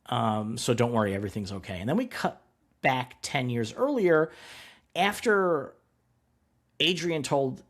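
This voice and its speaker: A man's voice: mid-range voice, animated, a little slow, pauses often. A man co-hosting a podcast, casually recapping an episode in a rambling way, acting out quoted lines and swearing freely. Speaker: podcast co-host.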